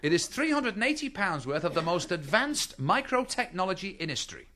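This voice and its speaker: Middle-aged Liverpool man, live stand-up, bright animated delivery, a touch of hiss. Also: high voice, brisk. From Liverpool, England. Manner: chatty storyteller, teasing the audience with punchlines. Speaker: stand-up comedian. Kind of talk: live stand-up comedy routine. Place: stage before a live audience.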